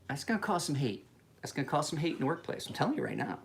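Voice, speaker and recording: A man's voice: a little high, big pitch swings, very fast. A man in his forties ranting casually in a home vlog, heated and full of profanity. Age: 40s. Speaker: knife sharpener vlogger.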